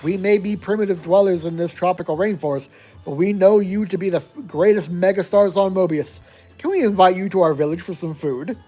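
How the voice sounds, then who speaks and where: A player reading a gamebook aloud, putting on the voice of an excitable, theatrical warthog tribe leader. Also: medium pitch, fairly quick, soft background music, lightly acted.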